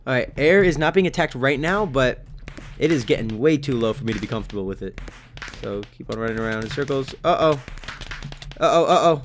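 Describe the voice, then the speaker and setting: A young man giving excitable live commentary over his own gameplay, cheering and yelping at what happens on screen. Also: mid-range voice, fairly quick, pauses often, slight background noise. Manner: excitable, yelps and laughs at game events. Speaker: gaming channel host.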